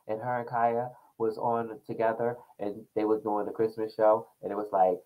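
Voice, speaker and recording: A young man hosts his own show, talking straight through the news and his own stories with loose, rambling energy. His voice sits at an ordinary middle pitch, and he jumps between topics in a casual, chatty way. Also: moderate pace, rough recording. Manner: rambling, animated storytelling with laughs. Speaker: talk show host. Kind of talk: casual commentary monologue.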